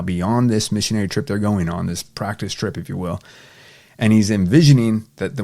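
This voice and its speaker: A man's voice: lowish voice, darkish tone. A man giving a casual Bible study, reading verses aloud and paraphrasing them in everyday talk. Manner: reads scripture then paraphrases casually. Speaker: Bible teacher.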